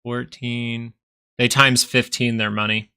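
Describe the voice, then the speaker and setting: Gravelly man hosting a casual market stream. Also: medium pitch, level tone, takes it slowly, pushed and bright. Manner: rambling, chatty, answers viewers directly. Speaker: stock market livestream host.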